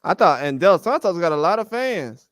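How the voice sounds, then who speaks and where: A man's voice: high voice, very animated, brisk, a bit bright, no echo, studio quality. A man hosting a boxing channel, talking casually and ranting, acting out the conversations he quotes.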